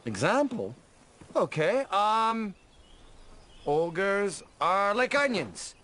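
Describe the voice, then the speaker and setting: Grumpy ogre, male, blunt, slow delivery, lively pitch. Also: exaggerated voice. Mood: exasperated.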